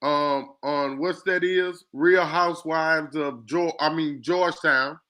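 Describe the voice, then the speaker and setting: Male host, high bright voice, animated and jokey, casual panel chat. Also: slow pace. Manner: animated, poses scenarios, jokey asides. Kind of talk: casual discussion.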